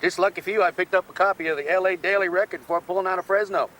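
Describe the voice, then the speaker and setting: An actor playing a smooth-talking con man who puts on a folksy manner for phone scams. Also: high-pitched, fairly even intonation, very fast, a bit bright. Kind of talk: TV crime drama acting.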